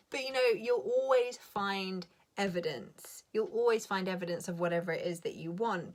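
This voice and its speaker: Sweary, laughing woman in her thirties. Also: mid-range voice. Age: 30s. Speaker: coach. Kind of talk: live stream rant.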